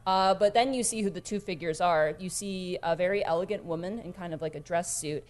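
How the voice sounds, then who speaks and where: A woman's voice: lowish voice, fairly quick, faint music behind. Casual woman narrating as game master. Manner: casual, many fillers, giggly.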